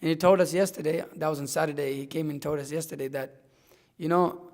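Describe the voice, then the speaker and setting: A young man with a fairly high, gravelly voice tells a casual, heartfelt story to a scripture class, rambling and restarting his sentences. His words ring out with a long reverb in a hall. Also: fairly even intonation, fast talker, a little mellow. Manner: rambling with many likes and restarts. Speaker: devotee sharing at a scripture class.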